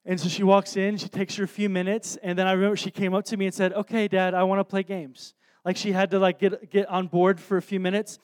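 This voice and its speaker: Thirtysomething guy preaching w/ a story, high voice, jokey about himself. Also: fast, hardly any pauses. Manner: animated, self-deprecating storyteller with frequent restarts. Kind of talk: anecdotal sermon storytelling.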